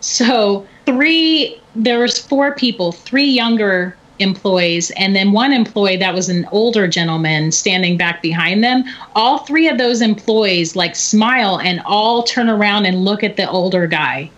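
A middle-aged woman telling a story in casual chat, animated and often laughing. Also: mid-range voice, measured pace, few pauses. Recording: dull lo-fi recording.

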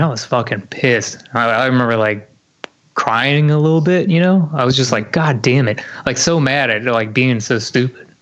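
A man's voice: medium pitch, fairly bright tone. A young man telling a story in casual chat, full of fillers and swearing. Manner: swears a lot, lots of "like" and "you know".

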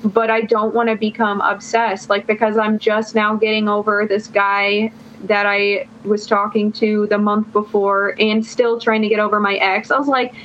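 A woman's voice: mid-range voice, flat delivery, moderate pace, a bit bright, a little hiss or hum. A young woman guest on a podcast telling a long personal story in casual chat, rambling and filling her phrases with "like". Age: young adult. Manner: rambling, fills every phrase with "like". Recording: dull lo-fi sound.

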